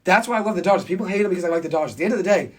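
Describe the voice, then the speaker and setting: Man, Boston accent, sports talk host, rapid-fire, slightly high voice, rambling. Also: lively intonation, husky. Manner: rambling, repeats "at the end of the day". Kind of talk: casual sports chat. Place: college radio studio.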